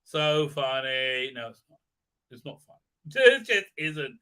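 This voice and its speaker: Sharp-voiced, sarcastic male streamer. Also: on the high side, very animated. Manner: sarcastic, scornful, halting. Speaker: livestream host. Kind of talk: ranting pop-culture commentary.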